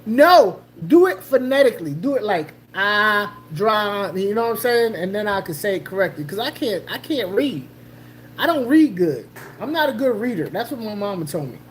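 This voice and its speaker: A woman's voice: mid-range voice, sing-song, a little fast, darkish tone, a little hiss or hum. A woman hosting a casual livestream, joking loosely with slang, laughing and greeting chatters by name. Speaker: livestream host.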